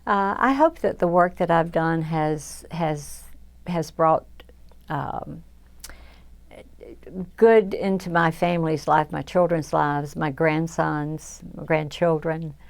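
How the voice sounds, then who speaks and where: An older woman with a Southern American accent, reflecting in an oral history interview. Her voice sits low and carries a gravelly, creaky texture. She talks in a self-deprecating way, often restarting her sentences and filling pauses with "you know.". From south Georgia, US.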